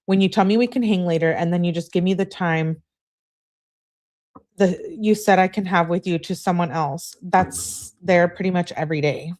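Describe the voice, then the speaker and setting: A woman's voice: lowish voice, normal speed, a little mellow, close to an everyday voice. Insistent impatient young woman texting, pleading, pushy, read by a woman.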